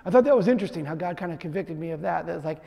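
A man preaching a sermon, telling a personal story in a lively way with frequent "right?" asides. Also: fairly high pitch, very fast, vocal fry. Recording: echoey hall reverb.

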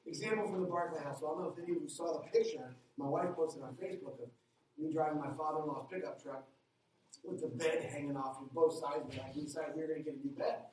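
A middle-aged man preaches, mixing reflection with a lively personal story. His voice rings around a very reverberant church hall, picked up from some distance, with a faint hum of the room behind him. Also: fast. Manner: animated storytelling, jumps higher when excited. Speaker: pastor. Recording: echoey hall, heard from afar.

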